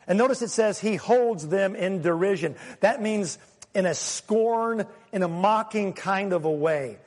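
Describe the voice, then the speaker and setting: A man preaching a sermon as a pastor, animated, sometimes acting out the voices he quotes. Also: high-pitched. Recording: long hall reverb.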